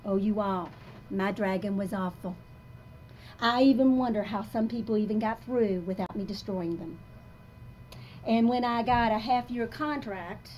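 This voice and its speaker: A woman of about sixty giving a live motivational talk to an audience in a coffee shop, emphatic and confessional, swinging between soft and loud. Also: medium pitch, a little hiss or hum. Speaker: motivational speaker.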